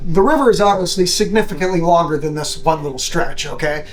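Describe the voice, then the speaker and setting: Male game master, fairly high voice, loose rambling narration, faint music under him. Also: fast talker. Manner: rambling, loose, many fillers and restarts.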